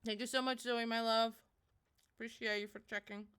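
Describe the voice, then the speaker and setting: A woman's voice: fairly high pitch, flat delivery, normal speed, a bit bright, clean tone. A young woman streaming, chatting casually and rambling to her viewers. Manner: chatty and rambling, talks to chat. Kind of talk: casual live-stream chat.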